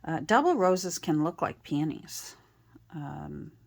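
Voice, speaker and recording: A woman artist narrating a casual show-and-tell of her handmade journals, talking gently and meandering with frequent ums and uhs. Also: deep voice, sing-song, slow, creaky.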